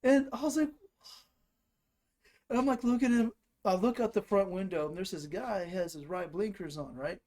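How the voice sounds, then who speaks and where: Hosting his own channel, this man spins rambling comic tales in a casual style, chuckling at his own jokes. His voice is high and a little mellow, at normal speed with long pauses.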